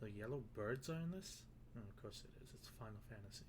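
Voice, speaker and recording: A man's voice: on the low side, animated, quick pace, slight background noise. Wry American man commenting on a game. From United States. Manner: wry, muttering asides. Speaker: game streamer. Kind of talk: casual gaming commentary.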